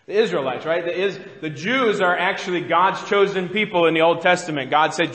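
Male pastor, sermon in a church, conversational, bright tone. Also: fairly high pitch, brisk, few pauses, big-room sound. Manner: conversational, asks the congregation questions. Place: church sanctuary.

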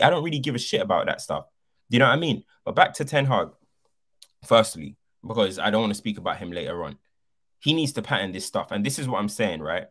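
A man's voice: lowish voice, fairly bright tone. A man co-hosting a football podcast, arguing passionately and repeating his points for emphasis.

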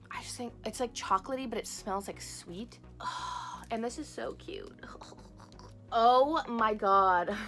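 A young woman hosting a casual unboxing vlog, gushing and excitable, gasping over each cute item. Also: medium pitch. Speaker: craft and squishy channel host.

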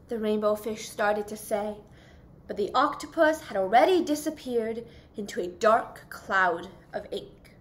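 A young woman reading a children's picture book aloud in a slow, expressive, sing-song storytelling voice. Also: mid-range voice. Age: young adult. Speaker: youth volunteer reading aloud.

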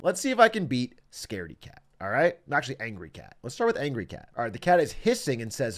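A man streaming chess games, excitable and self-mocking, swearing often. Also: mid-range voice, fast talker, hardly any pauses, faint music behind. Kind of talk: live-stream chess commentary.

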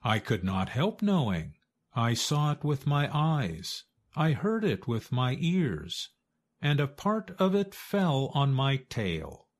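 A man voicing a frightened little hen in a storybook reading, speaking in a high, urgent, anxious way. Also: huge pitch swings, slow, exaggerated voice. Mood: alarmed.

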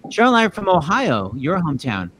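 Brief: male host, slightly high voice, playful and teasing, video call. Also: huge pitch swings, brisk, fairly bright tone, slight background noise, rough recording. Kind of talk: casual chat over video call.

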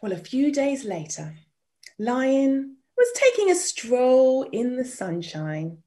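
Animated woman telling a children's story. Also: sits high, slow pace. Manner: expressive, animated with whispers and calls to join in.

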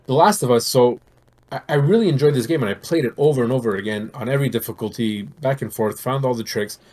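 A middle-aged man with a husky, slightly breathy voice at a middle pitch. He rambles through casual podcast talk, animated and quick to jump between thoughts. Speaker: podcast co-host. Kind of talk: casual chat.

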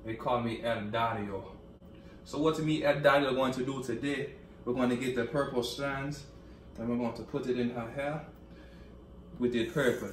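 A man's voice: mid-range voice, steady tone, normal speed, slight background noise, close to an everyday voice. A man playing a showy fake French hair stylist, bossy and playful, recorded in an echoey room from a distance. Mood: hamming. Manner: playful, bossy, mock-fancy.

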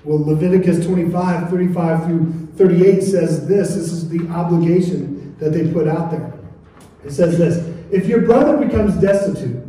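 A man's voice: on the high side, level tone, moderate pace, warm tone. A man preaching a sermon as pastor, earnest and calling on his congregation to respond. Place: church sanctuary. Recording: echoey church from far off.

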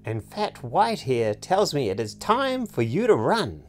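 A man voicing a bent old male beggar who wheezes and rasps out slow, cryptic warnings. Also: on the high side, sing-song, soft background music, pitched above the performer's own voice. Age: older. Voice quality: wheezy, raspy.

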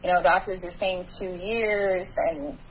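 A woman guest on a recovery podcast, telling her personal story in a halting way, with many pauses and restarts. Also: lowish voice, little pitch movement, a little hiss or hum, poor audio.

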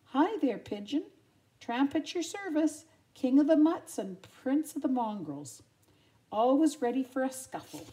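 A woman's voice: high-pitched, big pitch swings, measured pace, mellow, voice pushed up. An older woman voicing a cocky, streetwise male mongrel dog in a breezy, jaunty way for a storybook.

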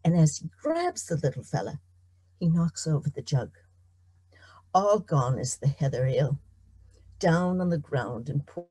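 A middle-aged woman storyteller telling a folk tale in an animated, expressive way. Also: low voice, a little slow, long pauses, husky, no room sound.

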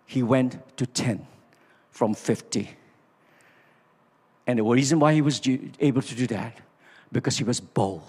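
This older man, a pastor speaking Malaysian-accented English, preaches with a mid-range, slightly breathy voice, moving a little slowly and leaving long pauses. His storytelling is animated: he acts out dialogue and asks the congregation to answer back. The sound echoes through a large, reverberant church auditorium.

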